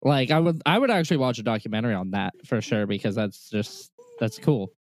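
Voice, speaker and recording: A man's voice: mid-range voice, a little fast. A man co-hosting a casual podcast, laid-back and calling everyone dude and bro. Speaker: podcast co-host. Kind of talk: casual banter.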